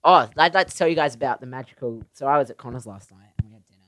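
A man's voice: medium pitch, very fast, fairly bright tone, no room sound. A young man co-hosting a casual podcast chat, rambling through silly jokes and laughing often. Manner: rambling, jokey, giggly. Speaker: podcast co-host. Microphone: podcast microphone.

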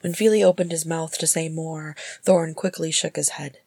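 A woman narrates an audiobook in a very low, even voice, with little rise and fall. Her tone is slightly husky and recorded close and dry. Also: moderate pace, no echo. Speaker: audiobook reader. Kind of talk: fan fiction audiobook narration.

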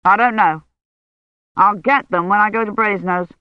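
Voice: mid-range voice, normal speed, dry recording, pitched above the performer's own voice, close to an everyday voice. A reader voicing an urgent, insistent older male don. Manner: urgent, persuasive. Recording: dull lo-fi sound.

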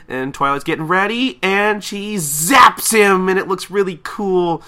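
Young male podcast co-host, very bright tone, animated, keeps breaking into laughter while acting out lines. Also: high-pitched, unhurried. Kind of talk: casual chat recapping a comic.

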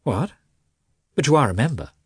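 A lofty, lecturing elder brother, read by a man in a husky voice, talking down with measured weight. The tone rises and falls widely, the delivery slow at times. The sound is close and dry. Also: medium pitch, very animated, dry recording, pitched above the performer's own voice. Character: patronizing elder brother, learned middle-aged man.

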